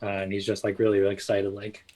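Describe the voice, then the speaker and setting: Man, low-ish voice, rambling guest talking shop. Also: fast, slight background noise, rough recording. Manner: relaxed, rambling with many fillers and restarts. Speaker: guest, small clothing business owner. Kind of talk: casual interview chat.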